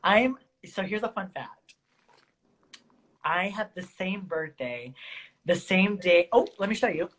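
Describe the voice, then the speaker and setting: A man's voice: high voice, lively intonation, takes it slowly, long pauses, fairly bright tone, low-quality recording. A man chatting on a phone video call as a guest drag performer, gushing and effusive. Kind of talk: casual live-stream chat.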